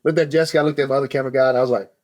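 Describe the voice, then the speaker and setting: Brief: male host, excitable storyteller, quick delivery, casual chat. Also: medium pitch. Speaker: podcast host.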